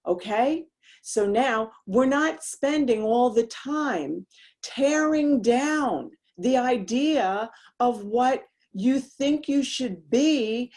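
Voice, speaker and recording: A woman's voice: on the high side, darkish tone. A woman host coaching women in a motivational talk, speaking emphatically and directly with casual slang.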